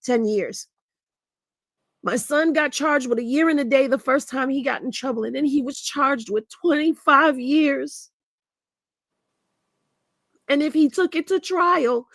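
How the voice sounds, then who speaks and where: A woman's voice: high voice, no echo. A middle-aged woman blogger giving candid, emotional livestream commentary, earnest and repeating herself for emphasis.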